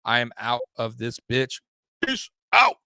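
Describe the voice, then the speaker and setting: A young man hosting a live sports show, swearing freely and rambling with sudden loud bursts. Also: medium pitch, very animated, measured pace, creaky, a little hiss or hum. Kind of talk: casual live-stream sports talk.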